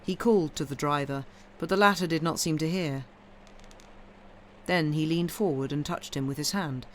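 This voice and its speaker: A woman reading a classic short story aloud in a calm, measured audiobook narration. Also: low voice, a little hiss or hum. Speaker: reader.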